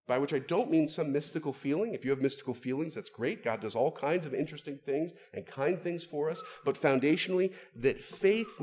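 A man preaching a sermon, moving between quiet, low asides and raised, stressed phrases for emphasis.

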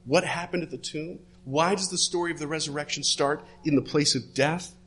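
A man preaching a sermon, retelling a story and dropping his voice low and soft for the quoted words. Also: brisk, breathy edge. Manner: storytelling, drops to hushed tones for quoted words.

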